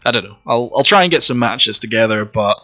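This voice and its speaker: A man's voice: medium pitch, lively intonation, a little fast, bright, forceful tone. A man giving casual, rambling and profane commentary while playing a video game. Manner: rambling, profane and self-mocking. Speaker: let's play commentator.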